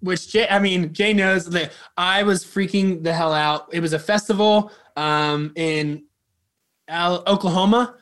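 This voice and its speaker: A man's voice: high-pitched, a little slow, fairly bright tone, clear, resonant tone. A man working as a drum tech, telling a story in a casual, rambling way, full of fillers and swearing.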